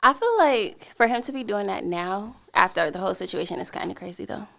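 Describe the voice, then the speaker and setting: Woman with a gravelly voice. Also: medium pitch, expressive, a little fast, a bit bright. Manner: brief reactions and comments. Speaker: interviewer. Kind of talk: casual interview.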